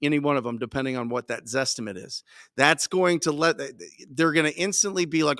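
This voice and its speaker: A man hosting a live Q&A, coaching his listeners in an energetic, emphatic way and repeating his key points. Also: a little high, fast talker, dry recording, clean studio sound. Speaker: podcast host and wholesaling coach.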